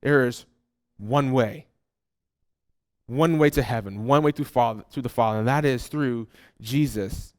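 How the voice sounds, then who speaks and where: Earnest man preaching, smooth clear voice. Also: mid-range voice, measured pace, pauses often, a little mellow. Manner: earnest, repeats phrases for emphasis. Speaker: pastor. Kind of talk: sermon. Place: church hall.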